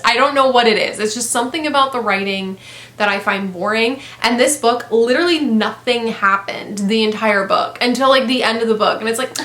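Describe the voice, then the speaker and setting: Woman book vlogger, higher voice, blunt and rambly, curses casually, echoey room. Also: a bit bright. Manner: blunt, rambling, swears freely, many fillers. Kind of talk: casual book review chat.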